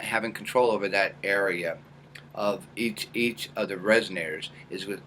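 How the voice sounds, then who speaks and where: A man teaching a lesson, calmly guiding and demonstrating small hums and nasal sounds as examples. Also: fairly low pitch, a little hiss or hum. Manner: demonstrates hums and small vocal sounds between calm guidance. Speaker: acting coach. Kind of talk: instructional tutorial.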